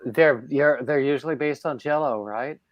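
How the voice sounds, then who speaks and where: A man's voice: medium pitch, moderate pace, no room sound, dull audio. A man hosting a casual livestream chat, rambling, with lots of fillers and restarts. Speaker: livestream host.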